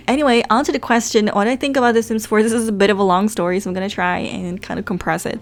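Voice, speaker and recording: A woman's voice: medium pitch, fairly even intonation, normal speed, creaky. Chatty young woman, Dutch native. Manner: chatty, rambling, self-deprecating. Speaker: gaming YouTuber. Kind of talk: casual chat.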